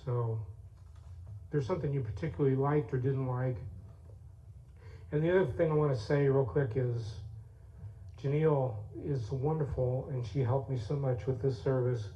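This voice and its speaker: A man's voice: medium pitch, fairly even intonation, normal speed, pauses often. A man telling a story in a chatty, folksy way, with asides to the audience at a church service. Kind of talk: storytelling with song. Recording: echoey, tinny, loud guitar.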